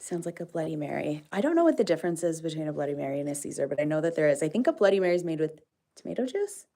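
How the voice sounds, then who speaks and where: A woman's voice: low voice, very animated, racing, warm tone. A woman hosting a casual farm livestream, chatting with viewers and coaxing her animals in a sing-song.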